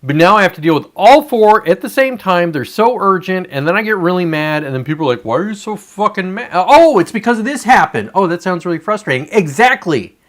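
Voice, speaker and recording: A man's voice: high voice, very animated, fairly quick, hardly any pauses. A man ranting on a casual livestream, frustrated and profane, rambling with many restarts. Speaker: livestreamer and real estate agent.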